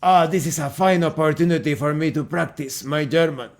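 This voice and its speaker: A man voicing a polite, hesitant old male veteran who speaks with a halting, courteous manner. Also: fairly high pitch, close to an everyday voice.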